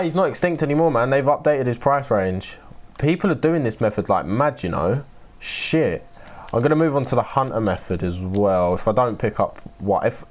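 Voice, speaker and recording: A nineteen-year-old British man live-streaming, casually chatting, answering viewers by name and swearing and grumbling as he plays. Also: medium pitch. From United Kingdom. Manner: swears and grumbles while playing.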